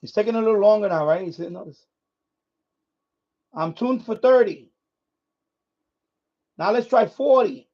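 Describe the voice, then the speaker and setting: A ham radio stream host with a high-pitched voice and lively intonation speaks unhurriedly and pauses often. He takes viewers through a casual demo as he handles his gear, rambling and restarting sentences. The audio is dull and lo-fi.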